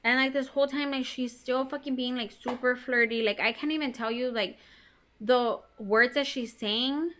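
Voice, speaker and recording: Young woman podcast host, bright sharp voice a bit high, telling a story, swears a lot, says like constantly. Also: moderate pace. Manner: candid, swears freely, lots of "like" fillers; animated, irritated retelling. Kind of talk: casual storytelling chat.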